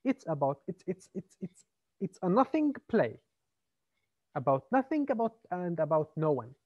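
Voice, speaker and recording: A male university lecturer explains his subject slowly and haltingly, stopping on fillers and restarting phrases. The recording is dry and close, with a slightly dull, lo-fi tone. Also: sits high, very animated, a little mellow, dry recording. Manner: hesitant, many fillers and repeated words. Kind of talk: classroom lecture.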